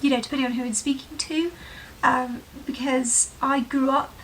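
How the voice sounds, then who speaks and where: A woman's voice: high-pitched, fairly even intonation, normal speed, fairly bright tone, far from the mic, a little hiss or hum, poor audio. A woman from England with a shifting English accent, chatting casually to camera, full of fillers. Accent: mixed English, with touches of Herefordshire, London and Welsh. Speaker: vlogger. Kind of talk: casual rambling chat to camera. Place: room at home with sunlight coming in.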